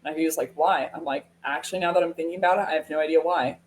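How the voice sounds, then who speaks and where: A woman's voice: sits low, rapid-fire. An American woman hosting a live sales webinar, talking casually and telling stories with frequent laughs. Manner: animated storytelling with frequent laughs. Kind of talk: casual live-stream talk.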